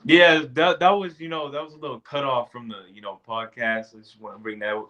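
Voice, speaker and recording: A man's voice: medium pitch, fairly even intonation, brisk, sharp tone. A young man co-hosting a podcast in casual chat, swearing and trailing off into mumbles, on a call. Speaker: podcast co-host.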